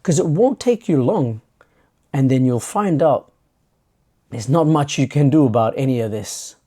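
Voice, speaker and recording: A man's voice: mid-range voice, lively intonation, a little slow, warm tone. A man hosting his channel, talking through a reflective monologue and acting out imagined exchanges in a conversational way. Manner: acts out imagined dialogue in a conversational way. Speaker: channel host.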